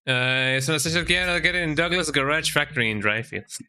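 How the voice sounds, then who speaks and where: Bright-voiced man commenting on a game. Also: mid-range voice, normal speed, smooth, soft background music. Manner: chatty, jokey, tags lines with "eh?"; reads in-game text aloud. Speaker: streamer. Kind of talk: let's-play commentary.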